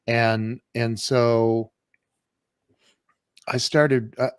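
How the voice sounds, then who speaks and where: A man's voice: mid-range voice, little pitch movement, drawn-out words, smooth, no room sound, clean studio sound. Candid man telling his story. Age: 50s. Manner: candid, emphatic, acts out quoted exchanges. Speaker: podcast guest. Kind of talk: casual storytelling in an interview.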